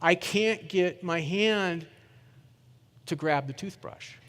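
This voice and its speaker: A man voicing a frightened woman in her forties who speaks slowly and haltingly, as if pleading. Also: high voice, lively intonation, in a large hall, voice pushed up. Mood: distressed.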